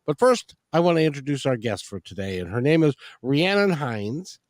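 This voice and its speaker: Male talk radio host, folksy and rambling, animated swoops in pitch, dry close mic. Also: moderate pace, no echo. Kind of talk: casual interview chat.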